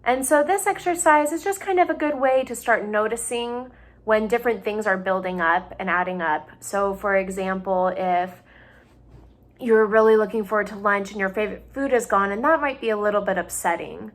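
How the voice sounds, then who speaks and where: A young woman speaking from her home, talking patiently to children and families. Her voice sits at an ordinary middle pitch, and she keeps her words simple and her examples everyday. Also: normal speed. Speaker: doctoral student in psychology. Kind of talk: gentle explanatory talk for families.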